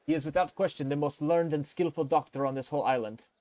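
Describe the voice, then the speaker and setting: A man's voice: on the high side, fast talker, darkish tone, no echo, natural voice, low-quality recording. Male reader voicing a worried accented game monk, urgent and formal, dry sound. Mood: earnest. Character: anxious middle-aged male monk with an accent.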